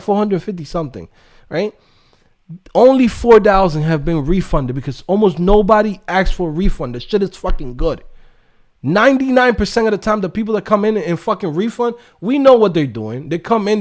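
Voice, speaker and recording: A man's voice: sits high, darkish tone. A man hosting a livestream, ranting profanely in casual talk about his coding courses and refund requests.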